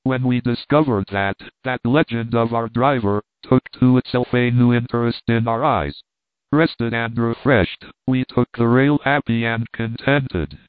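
A man reading a travel book aloud, steady and expressive, with mock-heroic flourishes. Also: medium pitch, unhurried, clean tone, no echo. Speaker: audiobook reader. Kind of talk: scripted narration of a travel book. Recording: dry, narrow phone-like sound.

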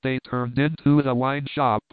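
A man reading a classic novel aloud in a smooth, measured voice. The sound is tinny and narrow like a phone line, with no room echo at all. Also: medium pitch, little pitch movement. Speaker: audiobook narrator.

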